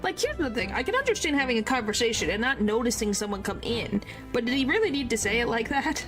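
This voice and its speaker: A young adult woman streamer chatting casually over gameplay, playful and quick to indignation. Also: fairly high pitch, sing-song, music in the background.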